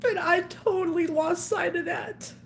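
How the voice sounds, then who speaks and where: A woman's voice: extremely high pitch, measured pace, slight background noise. A woman in her forties talking candidly to her viewers in an emotional, rambling confessional vlog. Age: 40s. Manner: emotional, earnest, rambling with fillers. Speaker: vlogger.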